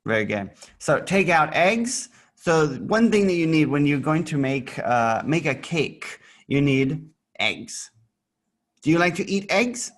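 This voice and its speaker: His voice sits on the high side, with big pitch swings and an unhurried pace. In an online lesson, this man patiently and playfully teaches a child English, repeating words for echoing and making small sound effects as he shows pictures.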